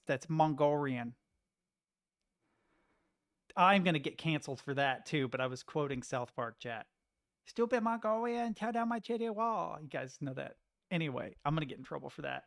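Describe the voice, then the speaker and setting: A man's voice: fairly high pitch, creaky, a bit bright. A man chatting casually with his live-stream chat, joking, laughing often and rambling through self-interruptions. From United States.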